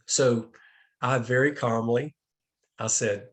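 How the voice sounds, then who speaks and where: Man, outreach trainer, video call, calm, halting, restarts, repeated words, average pitch.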